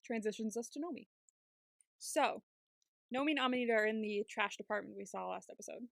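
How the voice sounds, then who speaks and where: Woman, podcast co-host, casual recap, acts out quotes, laughs a lot, fairly high voice, dry close sound. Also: brisk, gravelly, no room sound. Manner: lively retelling, acting out characters' lines; laughs often.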